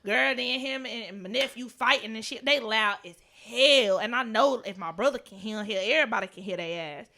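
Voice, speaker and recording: Animated, profane young woman storyteller. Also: fairly high pitch, fairly quick, gravelly, few pauses. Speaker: podcast co-host. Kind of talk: casual storytelling chat.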